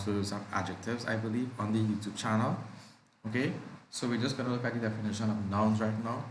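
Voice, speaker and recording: A man's voice: lowish voice, roomy sound, a little hiss or hum, poor audio. A man teaching a live online primary school class, patiently repeating each word and checking that the children follow.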